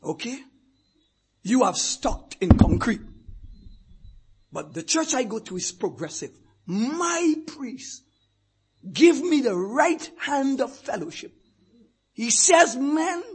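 High-voiced fervent preacher. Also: male voice, slightly rough. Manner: fervent, swinging from hushed asides to shouted declarations. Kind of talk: sermon.

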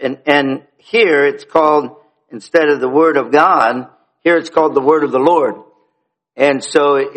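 A man giving a Bible teaching at a slow, deliberate pace. He talks conversationally, often stopping to restart and repeat words before pressing on to his point. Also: medium pitch, a bit bright, rough recording.

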